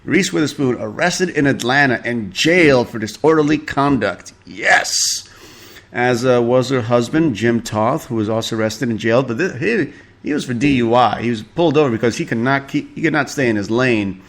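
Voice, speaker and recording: A male podcast host delivers casual gossip commentary in a mid-range voice at normal speed. He's sarcastic, swears freely, and chuckles a lot.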